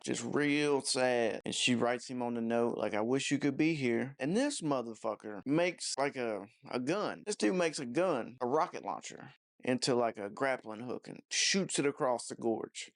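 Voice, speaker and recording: With a mid-range voice, a man gives a casual, rambling movie review that is mocking and profane, sprinkled heavily with "you know" and "I don't know."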